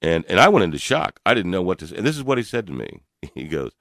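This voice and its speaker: An older man co-hosting a radio talk show, telling a personal story in an animated way with frequent laughs and fillers. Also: low-pitched, fast, gravelly, no room sound, studio quality. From Louisville, Kentucky area. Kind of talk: storytelling in casual chat.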